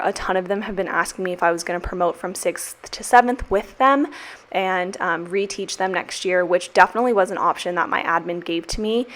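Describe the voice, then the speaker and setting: A young woman, a teacher, narrating a casual voiceover from her kitchen with frequent fillers, warm and emotional. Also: mid-range voice. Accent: American. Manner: chatty, emotional, many fillers and "like". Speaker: teacher and planner vlogger. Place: home kitchen.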